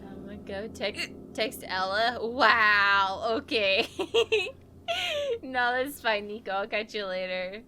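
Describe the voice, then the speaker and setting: A woman's voice: medium pitch, lively intonation, a little slow, a bit bright, slight background noise. A tipsy woman streamer chatting casually while playing a game, hiccuping, giggling and swearing often. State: tipsy from drinks. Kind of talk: casual gaming stream chat.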